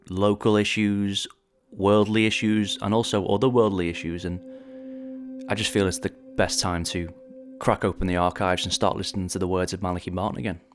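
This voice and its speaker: Guy in his 40s from liverpool narrating a podcast, really low voice, slow and thoughtful, kinda posh radio delivery. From Liverpool, England. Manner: measured, reflective storytelling in a self-described posh radio voice. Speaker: documentary director and podcast host.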